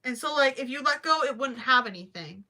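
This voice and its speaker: A woman's voice: sits high, animated, brisk, pushed and bright. A young woman hosting a casual crochet livestream, chatting to viewers, apologizing often and giggling as she thinks aloud.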